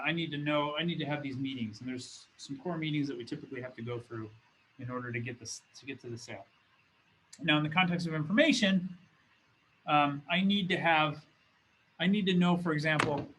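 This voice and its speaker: A man's voice: fairly high pitch, fairly bright tone, slight background noise, rough recording. A man teaching as a business school professor in a recorded lecture, talking in a conversational way and often restarting his phrases. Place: classroom or studio with a document camera.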